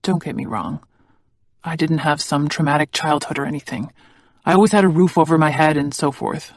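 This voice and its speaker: An audiobook reader voicing a guarded adult man who is bitter about his father, spoken in a subdued, low-key way with very dry sound. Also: a little fast, no echo, natural voice. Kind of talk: audiobook dialogue reading.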